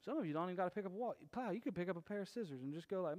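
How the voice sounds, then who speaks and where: High-voiced man preaching a lively sermon. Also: rapid-fire, highs cut off. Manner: casual and joking, building to emphatic shouting. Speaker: pastor.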